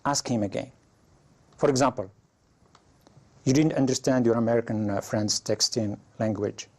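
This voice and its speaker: A man's voice: mid-range voice, moderate pace. A man teaching an English lesson, reading out example situations and asking his learners what they would say. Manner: reads example prompts aloud, asks learners questions. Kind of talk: classroom lesson.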